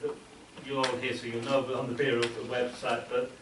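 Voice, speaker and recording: A man presenting a seminar to an academic audience, talking informally and haltingly, often repeating words mid-sentence. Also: mid-range voice, little pitch movement. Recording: echoey room, distant mic, faint hiss.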